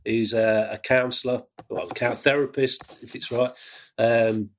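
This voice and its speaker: A man with an English accent, an ambulance worker telling a personal story in a halting way, with many restarts. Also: medium pitch, little pitch movement, a little hiss or hum. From England. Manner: halting, full of fillers and restarts.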